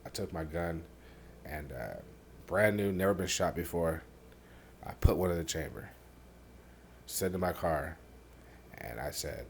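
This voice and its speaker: A man hosting a podcast, telling his own painful story candidly, halting with many fillers and dropping quiet on the hardest parts. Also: slight background noise. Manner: softens and drops low on painful parts. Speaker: podcast host.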